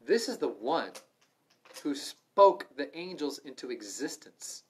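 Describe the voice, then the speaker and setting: A man's voice: on the high side, big pitch swings, slow pace, breathy edge. A man leading a livestreamed Bible study, preaching fervently with sudden emphatic stresses. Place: room in an assisted living home.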